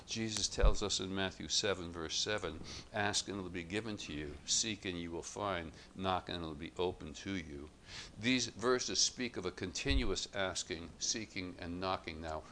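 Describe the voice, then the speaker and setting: A man with a low voice preaching a sermon, his tone bright and forceful. He speaks in a measured, emphatic way, leaning into each contrast he draws. Faint background ambience sits behind him. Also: a little hiss or hum. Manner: measured, emphatic contrasts, rising louder on quotes.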